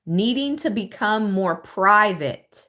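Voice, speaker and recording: A woman giving a casual live-stream tarot reading, chatty and thinking aloud with drawn-out phrases. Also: mid-range voice, expressive, sharp tone. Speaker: tarot reader.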